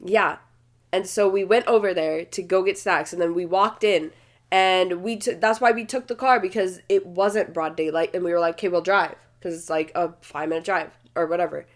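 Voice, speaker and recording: A woman's voice: lowish voice, fairly even intonation, normal speed. A woman in her twenties co-hosting a podcast, telling a story in a heated way, swearing often and talking over her sister. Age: 20s. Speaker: podcast co-host. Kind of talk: casual storytelling chat.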